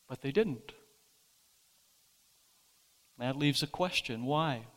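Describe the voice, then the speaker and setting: A pastor preaching a sermon, speaking slowly and deliberately and rising to emphatic peaks. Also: male voice, a little high, long reverb tail.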